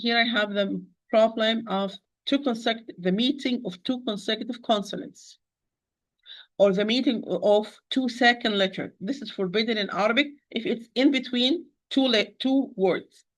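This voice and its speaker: Speaking at a normal pace in a fairly high voice, a woman gives a tajweed pronunciation lesson in Quran recitation. She moves methodically through each sound, demonstrating syllables one by one and patiently correcting common mistakes.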